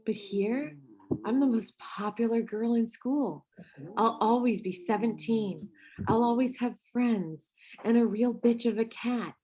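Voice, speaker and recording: A woman reading a wistful young ghost girl, speaking softly in a script read-through. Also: on the high side, a little slow, close to an everyday voice, low-quality recording. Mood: resigned.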